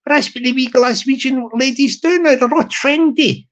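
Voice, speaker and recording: Rambling man with a high-pitched voice. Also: normal speed, a bit bright, low-quality recording. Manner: rambling, with many restarts and laughs. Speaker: podcast host. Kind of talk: motivational talk.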